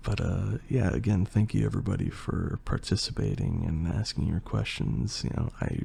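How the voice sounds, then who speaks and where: A young man with a hoarse, partly lost voice, chatting casually and rambling through a Q&A as an ASMR creator. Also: deep voice, a little slow. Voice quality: gravelly and husky. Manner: relaxed, rambling, with fillers and swearing. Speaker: ASMR creator answering questions. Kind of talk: casual Q&A chat.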